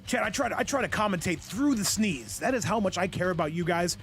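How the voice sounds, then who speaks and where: A man commentates a fighting game live, chatting to his viewers in a loose, joking, rambling way. His voice sits fairly high. Faint music plays in the background. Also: expressive, fast talker, fairly bright tone. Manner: joking, rambling, talks to chat. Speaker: stream host and commentator.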